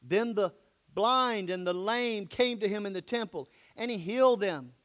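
A man's voice: high-pitched, a little slow, a bit bright. A man preaching a sermon, reading scripture aloud and then explaining it in a folksy, plain-spoken way. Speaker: pastor.

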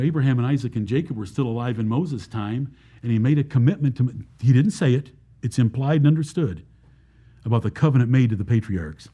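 A man's voice: mid-range voice, warm tone, breathy edge. A man preaching a Baptist sermon, asking the congregation rhetorical questions and explaining scripture verse by verse.

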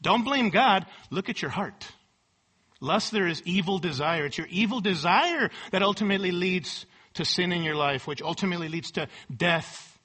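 A man preaching a sermon, quoting scripture with emphatic rising force and dropping low at the ends of thoughts. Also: expressive, moderate pace, sharp tone, breathy edge.

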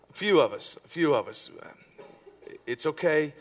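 Animated man preaching a storytelling sermon. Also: fairly high pitch, normal speed. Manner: storytelling with acted-out quotes, dramatic swings in volume. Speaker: pastor.

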